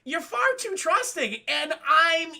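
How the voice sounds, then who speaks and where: A man's voice: extremely high pitch, animated, takes it slowly, gravelly, sharp tone, voice pushed up, heavily acted. A man voicing a defiant young princess in a raised, pleading voice.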